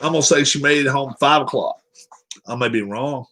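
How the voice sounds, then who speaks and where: A man's voice: mid-range voice, a little fast, pushed and bright, a little hiss or hum, low-quality recording. A man hosting a live stream, chatting casually with his viewers in a rambling way while setting up a game.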